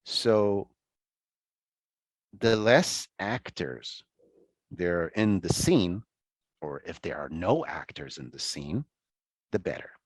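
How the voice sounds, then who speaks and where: Man, lecturer, low voice, very lively pitch, dry sound, video call, chatty and animated. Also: takes it slowly, pauses often, dry recording. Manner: conversational, animated, with many restarts and asides. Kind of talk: online lecture.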